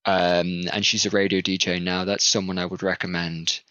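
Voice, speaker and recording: A man with a Southern English accent, talking casually as a podcast guest and pausing often with ums as he thinks. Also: sits low, level tone, bright, forceful tone, no room sound. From southwest England. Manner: hesitant, thinks aloud with many ums. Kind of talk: casual conversation. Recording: dull lo-fi dry sound.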